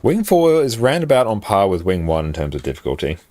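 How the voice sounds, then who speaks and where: A man's voice: fairly low pitch, fairly quick, no echo. An Australian man from South Australia, chatting casually with his viewers while he plays a game, reading out their questions and laughing easily. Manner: relaxed, chatty, reads out chat and laughs easily. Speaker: live streamer. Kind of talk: casual chat while gaming. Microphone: desk microphone.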